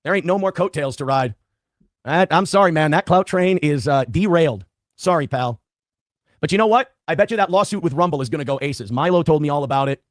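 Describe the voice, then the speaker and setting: A man commenting in a recorded clip with a high, very animated voice. He is sarcastic and mocks others by mimicking them. The recording is dry and close. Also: brisk, no echo.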